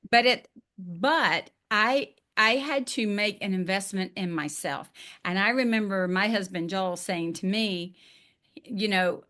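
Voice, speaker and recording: A woman's voice: mid-range voice, a little slow, pushed and bright. Woman podcast host and business coach, emphatic and encouraging, casual interview chat.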